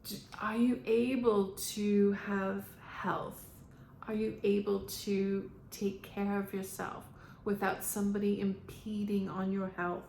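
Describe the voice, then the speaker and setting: A woman speaking as a spiritual medium, relaying messages to viewers in a halting monologue full of "um"s. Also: mid-range voice, level tone, gravelly, a little mellow, a little hiss or hum. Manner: halting, frequent "um" fillers. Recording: echoey room.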